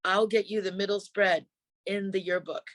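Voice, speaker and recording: A woman in her sixties, a comedian guest on a podcast, telling stories in casual chat with a deadpan delivery, acting out quoted voices. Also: medium pitch, moderate pace, dry recording.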